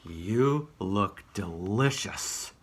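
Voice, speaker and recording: A man voicing a big hungry male bear in a storybook read-aloud, drawling slowly. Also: fairly low pitch, animated, slightly rough, exaggerated voice.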